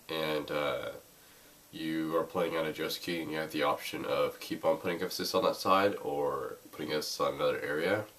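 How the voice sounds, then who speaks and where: A man's voice: extremely low pitch, fairly bright tone, far from the mic. A young man giving a casual spoken lesson on a board game, hesitant, with many ums and uhs. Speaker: Go teacher. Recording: faint noise, voice a bit off-mic.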